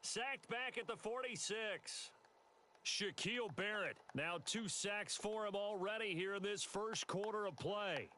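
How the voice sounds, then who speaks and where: A man voicing a steady male football play-by-play announcer in a video game, calling plays briskly and evenly. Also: sits high, a little hiss or hum. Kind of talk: scripted sports commentary.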